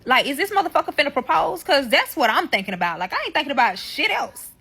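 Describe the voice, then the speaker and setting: A woman tells her viewers a personal story, loud with indignation and full of swearing. Her voice is sharp and forceful, pitched a touch high. She talks straight to the audience as if to close friends. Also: very animated, quick pace, gravelly, faint music behind. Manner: profane, heated and emphatic; addresses viewers directly. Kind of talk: casual storytime monologue.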